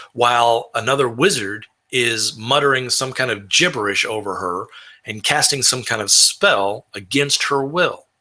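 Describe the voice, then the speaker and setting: Texas guy chatting about his tabletop characters, really bright sharp voice, keeps restarting sentences. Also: mid-range voice. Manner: rambling, many restarts. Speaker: tabletop roleplayer. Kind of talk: casual monologue on roleplaying.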